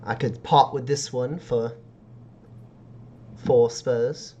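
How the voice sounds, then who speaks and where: A man's voice: medium pitch, fairly even intonation, slow pace, warm tone, highs cut off. A man voicing a sly woman street dealer who talks in wheedling sales patter.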